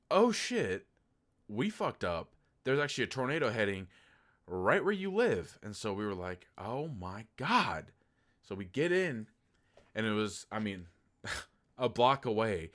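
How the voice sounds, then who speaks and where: A young adult man from Oklahoma giving a casual movie review, rambling and swearing as he tells stories with quoted asides. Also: low-pitched. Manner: rambling, profane, animated storytelling with quoted asides.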